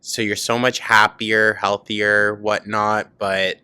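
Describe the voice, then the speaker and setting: A man talks over a clip with sharp, sarcastic commentary and teasing asides. His fairly low voice has a bright, forceful edge. The sound is close and dry, with almost no room behind it. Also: flat delivery, clean tone, no room sound. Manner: mocking, quick cutting asides. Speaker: commentary host.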